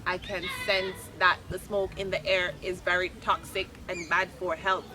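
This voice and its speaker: A woman voicing a friendly environmental robot in a mechanical, even voice. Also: on the low side, normal speed, distant mic, background noise, natural voice.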